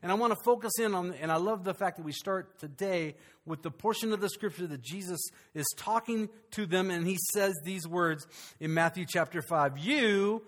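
High-voiced man preaching a sermon. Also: normal speed. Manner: animated preaching with frequent restarts and fillers. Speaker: pastor.

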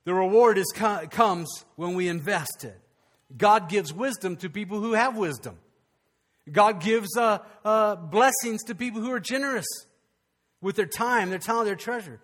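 A male pastor, preaching a conversational, animated sermon with frequent restarts. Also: high voice, moderate pace.

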